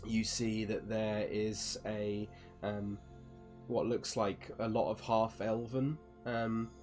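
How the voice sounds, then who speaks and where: A man narrating as dungeon master at a tabletop game. He describes scenes in a relaxed, loose way, dotted with ums and likes. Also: fairly low pitch, slow, soft background music.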